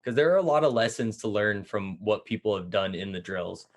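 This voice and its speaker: A man with a fairly low voice speaks as a guest on an interview. He talks in a relaxed, casual way, filling pauses with "like" and "um".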